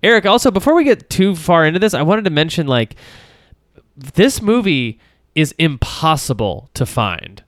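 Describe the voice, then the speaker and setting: A man on a casual film podcast, talking in an animated, rambling way with plenty of fillers and restarts. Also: on the high side, moderate pace, dry recording, clean studio sound. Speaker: podcast co-host.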